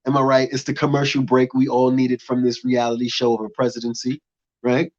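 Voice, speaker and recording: A man's voice: mid-range voice, fairly quick. A young American man doing a loose, punchy stand-up comedy set. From United States. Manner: loose, animated, punchy delivery. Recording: dull lo-fi audio.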